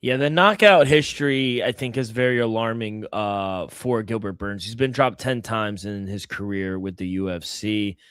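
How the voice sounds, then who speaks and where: A man's voice: lowish voice, normal speed, few pauses, a bit bright, smooth, no echo, clean studio sound. A man co-hosting a podcast, talking fight odds casually and reading a sponsor spot. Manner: laid-back, reads ad spots. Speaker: podcast co-host. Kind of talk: casual sports betting chat.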